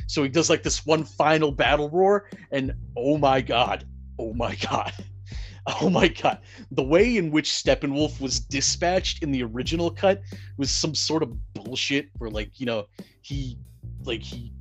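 A man's voice: medium pitch, normal speed, soft background music. A man casually recapping a movie, rambling with lots of fillers and some swearing, getting worked up over the action. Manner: rambling, heavy "you know" and "like" fillers, profane; grows excited and loud at the climax.

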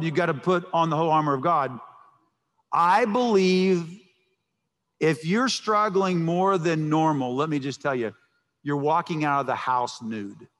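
High-voiced preacher in a reverberant hall. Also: male voice, fairly bright tone. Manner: emphatic, repeats words when starting a thought. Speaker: pastor. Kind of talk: sermon. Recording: long reverb of a large hall.

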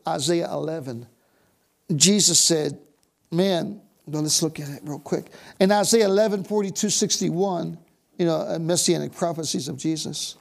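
A man's voice: on the high side, creaky. An American man preaching a sermon, exclaiming bursts of praise and dropping suddenly to a whisper. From United States.

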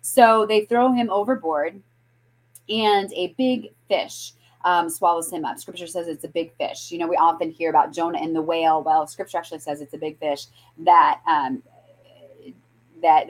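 A woman hosting a scripture show, retelling a Bible story in a chatty, animated way with many fillers and restarts. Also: lowish voice, moderate pace, low-quality recording. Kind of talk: casual Bible teaching.

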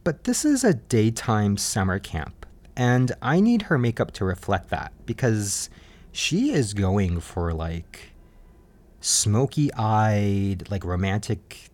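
A man's voice: fairly low pitch, big pitch swings, slow pace, a little mellow. A man hosting a podcast, recapping a reality show in casual, gossipy chat and laughing often. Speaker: podcast host.

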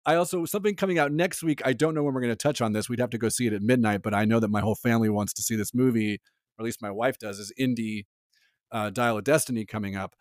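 This man co-hosts a casual pop-culture podcast, and he talks in a loose, animated way, leaning on fillers and laughing often. The voice sits at a middle pitch for a man. He sounds close to the mic in a dry room. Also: fast talker, no echo. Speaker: podcast co-host.

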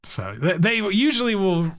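A podcast co-host with a high, somewhat bright male voice and big pitch swings talks at a moderate pace. He chats casually about a movie, rambling, saying "like" constantly and laughing often.

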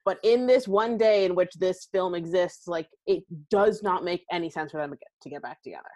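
A woman's voice: on the low side, brisk. A young adult woman hosting a podcast, chatting casually and expressively about a movie, filling her talk with "like". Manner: chatty, heavy use of "like", expressive. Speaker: podcast host.

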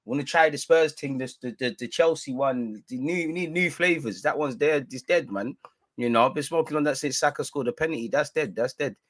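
Young guy doing a banter vlog, slangy and teasing, mid pitch, dead dry sound. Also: fairly quick, no echo. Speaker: football vlogger. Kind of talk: casual fan vlog. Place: indoors in front of a green screen.

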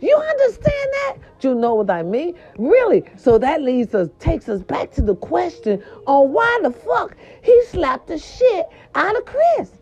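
A woman hosting a casual celebrity gossip show, loud, animated, swooping and profane. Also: high-pitched, a little slow, hardly any pauses. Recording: dull lo-fi sound.

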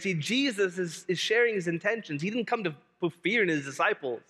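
A male pastor preaching a sermon in an animated, humorous way, often repeating key phrases for emphasis. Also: high voice, brisk, big-room sound.

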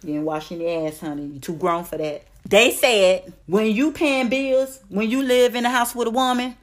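A woman's voice: on the high side, normal speed. A woman giving blunt, profane relationship advice in a casual vlog rant, calling her listeners "honey". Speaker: advice vlogger.

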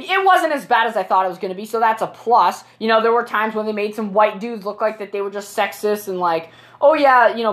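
A woman's voice: high-pitched, fairly bright tone. A woman giving a casual, blunt and opinionated movie review, exasperated and swearing freely.

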